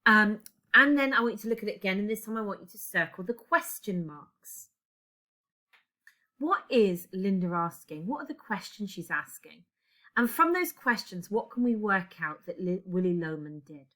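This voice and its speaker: A woman's voice: mid-range voice, animated, normal speed, bright, forceful tone. A woman English teacher recording a lesson, guiding students step by step with reflective questions.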